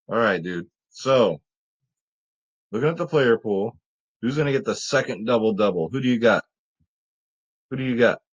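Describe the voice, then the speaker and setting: Young male host, casual and jokey, middle pitch, riffs with his cat between picks. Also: animated, normal speed, pauses often, slightly rough, highs cut off. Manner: chatty and joking, talks to his cat. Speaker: fantasy sports picks host. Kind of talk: casual chat.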